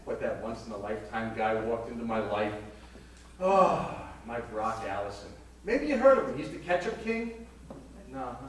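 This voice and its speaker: Very animated, with a medium-pitched natural voice at normal speed, a man plays a bawdy aging woman spinning racy stories in a sly live vaudeville monologue on a small theater stage. He teases the crowd between punchlines, while a distant house camera records an echoey, noisy hall and the audience's laughter.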